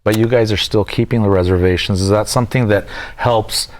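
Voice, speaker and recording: A man's voice: lowish voice, steady tone, fairly quick, darkish tone. Enthusiastic man hosting an interview. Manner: enthusiastic, asks long winding questions. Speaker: TV interviewer, host. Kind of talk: local TV interview.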